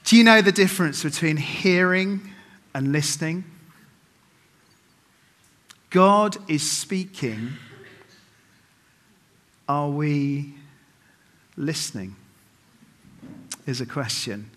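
A man's voice: fairly high pitch, expressive, slow, long pauses, fairly bright tone. A middle-aged man preaching a sermon at a church service, telling stories with humor and making self-mocking asides to the congregation. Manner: humorous storytelling with acted quotes.

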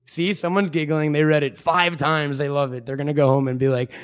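A man's voice: fairly high pitch, steady tone, a little fast. A young man co-hosting a podcast, rambling and mocking in crude, swear-filled comic chat. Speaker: podcast co-host.

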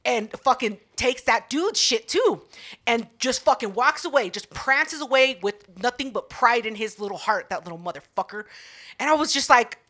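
A woman co-hosting a podcast tells an energetic, foul-mouthed story in casual chat. Her voice is slightly high and bright. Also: normal speed. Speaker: podcast co-host.

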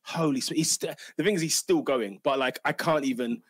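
Excitable man. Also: fairly high pitch, fairly quick, no echo. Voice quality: bantering and excitable, full of slang. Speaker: podcast host. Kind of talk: casual football chat.

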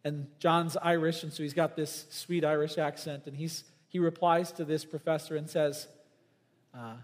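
A man preaching a sermon as pastor, with emphatic swings from loud and high to soft and low. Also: little pitch movement, brisk, big-room sound. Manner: emphatic preaching with big swings in pitch and volume.

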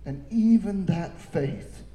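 Man, high-pitched, slow, preaching in a church with long echo. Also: expressive. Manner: preaching with big swings, from shouts down to low quiet lines. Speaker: pastor. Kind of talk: sermon. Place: church sanctuary. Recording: echoey hall with long reverb.

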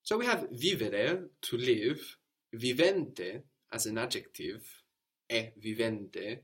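A man's voice: medium pitch, expressive, takes it slowly, fairly bright tone. A man teaching a language lesson step by step, patient and encouraging, spelling out words and praising answers.

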